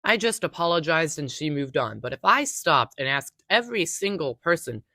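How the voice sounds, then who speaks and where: A young adult theater worker narrating casual workplace stories in an animated, wry way. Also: medium pitch, moderate pace, no room sound.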